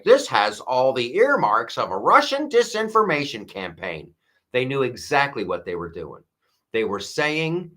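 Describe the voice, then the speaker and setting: A man's voice: medium pitch, pushed and bright. A man hosting a political commentary show, ranting with sarcasm and profanity and mocking his opponents in put-on voices. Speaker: show host.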